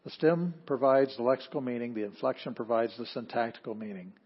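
A man teaching a Greek grammar class, explaining plainly and leading students through a slow read-aloud. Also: medium pitch, breathy edge. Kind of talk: classroom lecture. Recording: dull lo-fi classroom recording.

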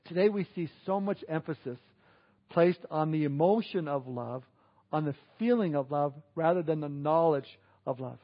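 A man preaching a sermon as a pastor, animated, acting out quoted people in exaggerated voices. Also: on the high side, normal speed, muffled recording.

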